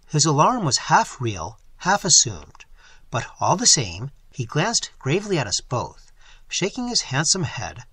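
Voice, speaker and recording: A man reads a first-person novel aloud with expressive, scripted narration. His voice is bright and breathy, with a very lively pitch, recorded close and dry. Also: no room sound. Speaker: audiobook reader.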